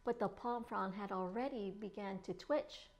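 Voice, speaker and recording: A woman children's librarian reading a picture book aloud in an expressive storytime manner. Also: medium pitch, normal speed.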